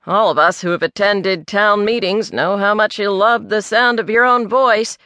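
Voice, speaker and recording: A woman's voice: medium pitch, fairly even intonation, moderate pace, no room sound. A woman voicing a blunt, outspoken middle-aged man who teases sharply. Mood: needling. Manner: teasing and sharp.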